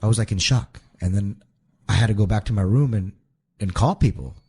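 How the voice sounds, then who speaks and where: A man with a husky, slightly low voice talks through a long story in an interview. He stumbles and repeats words as he goes, reliving each moment aloud. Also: fairly quick, warm tone. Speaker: guest, wrestler.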